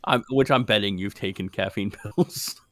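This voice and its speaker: Podcast co-host, man, low voice, loose rambling delivery, dry close sound. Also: moderate pace, no room sound. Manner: rambling, swears casually, laughs often. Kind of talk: casual chat.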